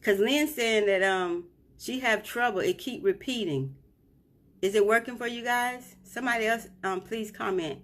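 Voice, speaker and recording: A woman's voice: fairly high pitch, moderate pace, a bit bright. A grieving mother live streaming from a hotel room, retelling events emotionally and often checking in with "right?".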